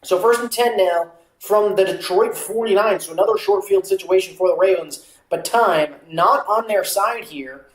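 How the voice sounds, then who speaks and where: A watchalong streamer calling the game play by play, stretching out calls and drifting into casual asides, on a mic that peaks on loud moments. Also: mid-range voice, moderate pace, hardly any pauses, roomy sound, poor audio. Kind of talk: amateur play-by-play commentary.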